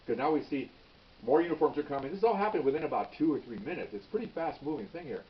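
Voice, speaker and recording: A retired police officer in his sixties tells a story with lively energy, full of restarts and "okay?" tags. His voice sits a bit high for a man. The recording is dull and set slightly back from the mic. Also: quick pace, distant mic. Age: 60s.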